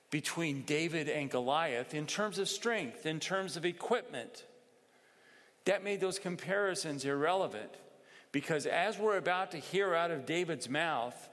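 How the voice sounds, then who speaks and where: A male preacher delivers a measured sermon, unhurried and slow. His voice sits a little high. Long hall reverb trails after his words. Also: a bit bright. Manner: measured, explanatory, with pauses and asides.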